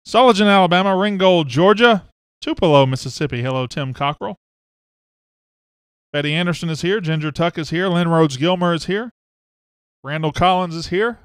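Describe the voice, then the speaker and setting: A man's voice: a little high, fairly bright tone, clear, resonant tone, no echo, studio quality. A man, hosting a casual live sports talk show and greeting viewers by name and hometown. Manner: chatty, reads out viewer names and hometowns.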